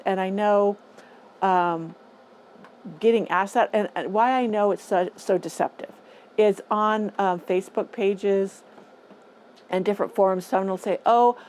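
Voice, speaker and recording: Older woman, mid-pitched voice, relaxed and opinionated gardening host speaking to camera, faint rain in the background. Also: slight background noise, low-quality recording. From Northern California. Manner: chatty, opinionated, repeats herself for emphasis. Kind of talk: casual talking-to-camera vlog. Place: greenhouse on a rainy day. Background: faint dripping rain ambience.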